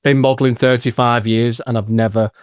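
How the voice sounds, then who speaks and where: A man's voice: medium pitch, little pitch movement, fairly quick, no room sound, studio quality. A man talking in an earnest, reflective and modest way as a podcast co-host. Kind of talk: casual podcast chat.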